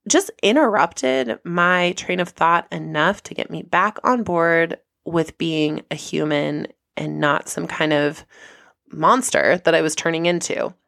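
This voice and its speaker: A woman hosts her own podcast and tells a personal story in a chatty monologue. Her voice sits low with a gravelly fry. She leaps up in pitch to act out the people she quotes, and the sound is close and dry. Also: no echo. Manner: animated, acts out quoted people with big pitch jumps. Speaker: podcast host.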